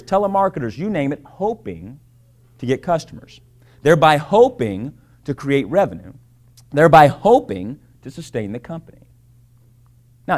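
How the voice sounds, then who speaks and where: A man giving an emphatic sales presentation to a live audience, repeating key phrases and checking in with "right?" and "okay?". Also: fairly high pitch. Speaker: business presenter.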